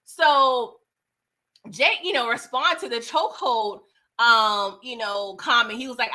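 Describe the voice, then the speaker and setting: Chatty bright-voiced woman reviewing movies. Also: on the high side, a little slow. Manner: chatty and animated, laughs often, slangy asides. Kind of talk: casual movie review vlog.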